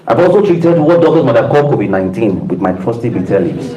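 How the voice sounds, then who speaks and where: A man's voice: medium pitch, animated, quick pace, warm tone, poor audio. Emphatic man addressing an audience. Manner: emphatic preacher-like delivery with audience call-outs. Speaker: speaker giving a talk. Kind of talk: motivational talk to staff. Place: room with a live audience.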